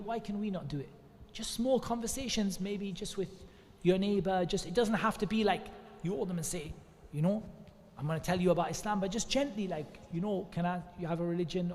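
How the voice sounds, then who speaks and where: A man's voice: high voice, a little mellow. A man gives an informal religious talk, conversational with many restarts and asides. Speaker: speaker giving a talk at an Islamic centre. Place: mosque hall. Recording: long hall reverb.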